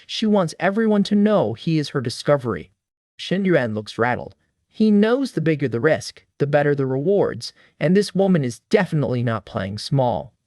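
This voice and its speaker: Male recap narrator, wry scripted read, voice a bit high, dry close mic. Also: very animated, moderate pace, darkish tone, no echo.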